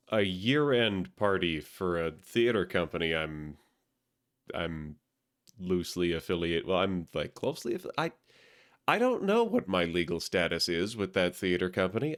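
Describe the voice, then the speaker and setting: A man streaming a game and chatting casually, sounding sleepy and low on energy as he rambles to his viewers. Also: lively intonation, a little slow. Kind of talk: casual live-stream chat.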